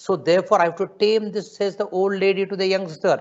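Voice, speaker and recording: Guy giving a spiritual talk, fairly high voice, kinda muffled lo-fi sound. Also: very fast. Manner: lively, asks the audience questions, mixes in Tamil. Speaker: spiritual teacher. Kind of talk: spiritual talk to an online audience. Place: ashram.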